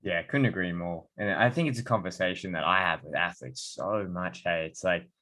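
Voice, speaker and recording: Lower-voiced man, casual podcast host. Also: moderate pace, sharp tone, no room sound. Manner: enthusiastic storyteller, casual. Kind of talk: conversational interview.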